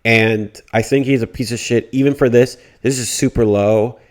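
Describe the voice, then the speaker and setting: A man's voice: medium pitch, steady tone, moderate pace. Indignant ranting man commentator. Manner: indignant, ranting, blunt with swearing; mocking quoted whiny voices. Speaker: commentary YouTuber. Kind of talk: casual drama commentary.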